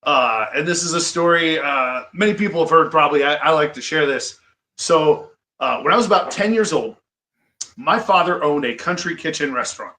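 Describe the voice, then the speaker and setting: A man in his forties from Iowa, a pro wrestler, telling stories as a podcast guest in an animated way. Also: on the high side, echoey room, rough recording. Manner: animated, quick to laugh. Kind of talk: casual storytelling. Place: studio.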